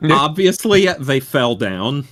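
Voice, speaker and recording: Lively nerdy male streamer. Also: medium pitch, very slow. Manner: nerdy, laughing, full of franchise trivia. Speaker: streamer host. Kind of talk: casual game-stream chat.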